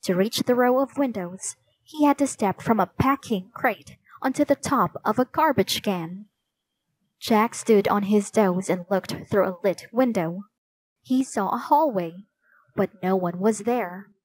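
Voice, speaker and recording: A woman narrating a children's storybook in a slow, clear reading voice. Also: medium pitch, low-quality recording.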